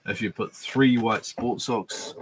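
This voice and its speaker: A man hosting a livestream panel chat, answering silly questions with deadpan, absurd jokes. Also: on the low side, slow pace, slight background noise.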